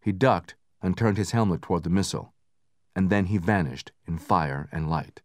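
A man narrating a book in steady, measured scripted narration, raising his voice for the soldiers' lines. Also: sits low, dry recording, studio quality. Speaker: audiobook narrator.

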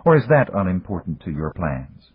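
A man with a very husky voice voicing a proud, stubborn young woman in an audiobook. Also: sits low, big pitch swings, moderate pace, no room sound, exaggerated voice. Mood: defiant. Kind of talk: audiobook character voice. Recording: dry, tinny phone-like audio.

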